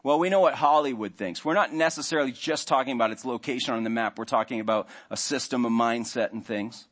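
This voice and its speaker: A man's voice: mid-range voice, quick pace, fairly bright tone. A man preaching a sermon in a conversational way, now and then acting out the inner voices of his listeners. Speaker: pastor.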